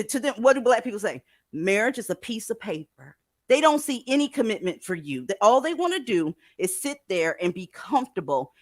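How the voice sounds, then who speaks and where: A woman hosting a casual panel chat, blunt and profane, talking with animated force. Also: medium pitch, no room sound, clean studio sound. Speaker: host.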